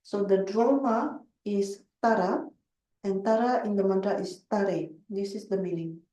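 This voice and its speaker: A woman interpreting a Buddhist teaching, halting and searching for words. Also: mid-range voice, mellow, reverberant, recorded from a distance, poor audio.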